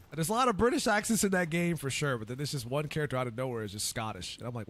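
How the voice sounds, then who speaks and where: A man's voice: fairly high pitch, animated, rapid-fire, few pauses, a bit bright. A man commentating casually over his gameplay as a gaming YouTuber, rambling with lots of fillers. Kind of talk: let's-play commentary.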